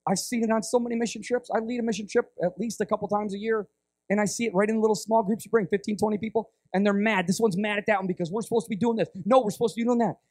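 A middle-aged man from the United States preaching a sermon, telling a story in an animated, rambling way that often breaks off and restarts. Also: high voice, racing, no echo, clean studio sound. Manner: animated, rambling, self-interrupting. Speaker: guest preacher.

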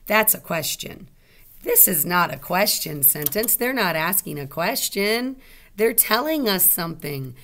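Slow, patient kindergarten teacher woman. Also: on the low side, expressive, a bit bright. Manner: patient, stretches modeled sentences out word by word. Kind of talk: slow children's lesson.

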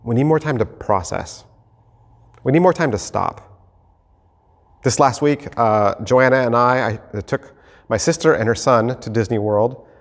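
A man preaching a sermon as pastor, reading scripture and then acting out the scene with lively shifts of voice. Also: medium pitch. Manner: animated, acts out the disciples and Jesus in quick voices. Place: church sanctuary. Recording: long hall reverb.

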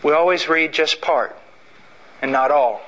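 Male preacher, high bright voice, fervent and emphatic sermon delivery. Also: unhurried, muffled recording.

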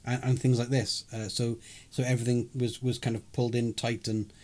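A man's voice: mid-range voice, level tone, brisk, darkish tone. A man co-hosting a podcast, recapping a live role-play event in casual chat, rambling and chuckling with many fillers. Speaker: podcast co-host.

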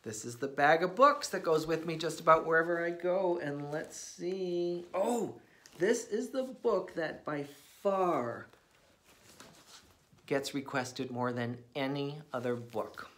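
A man's voice: fairly high pitch, slow, a bit bright. A man hosting a read-aloud of a children's book, playful and mock-exasperated at the silly words. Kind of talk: animated read-aloud for kids.

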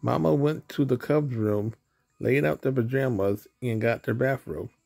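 Gravelly-voiced man reading a storybook. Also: mid-range voice, unhurried, darkish tone. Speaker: narrator. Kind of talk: storybook read-aloud.

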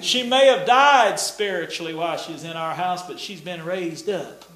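High-voiced older man preaching. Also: moderate pace, fairly bright tone. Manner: folksy storytelling with laughs and nonstandard grammar. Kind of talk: testimony sermon. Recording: echoey room.

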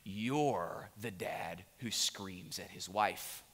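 A man voicing a cruel accusing inner voice, hushed, low and condemning. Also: very slow, exaggerated voice. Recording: long reverb of a big hall.

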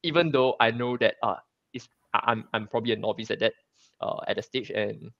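A man's voice: medium pitch, a little fast, no echo, dull audio. A man from Singapore talking casually as a guest comic creator, chatty, with many fillers and restarts. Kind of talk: casual interview chat.

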